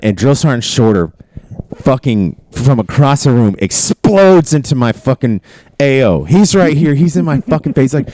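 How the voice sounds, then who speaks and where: A man casually telling stories from his army career, cursing freely and getting animated. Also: medium pitch, moderate pace, dry recording. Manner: profane, animated storytelling. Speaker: podcast host. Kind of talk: casual storytelling chat.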